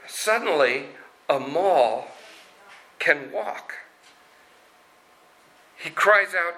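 A man retelling a story expressively, slow and dramatic, acting out the parts. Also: medium pitch, expressive, pushed and bright, rough recording.

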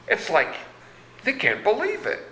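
Animated preacher man in an echoey room. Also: high voice, unhurried, a little hiss or hum. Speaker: pastor. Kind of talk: sermon. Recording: roomy echo.

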